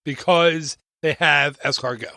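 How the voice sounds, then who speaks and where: A playful man co-hosts a relaxed travel podcast, cracking corny jokes as he talks. His voice sits a little high and comes through close and dry on a studio microphone. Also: measured pace, gravelly, no room sound. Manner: joking, playful, tells corny puns. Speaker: podcast co-host. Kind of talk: casual chat.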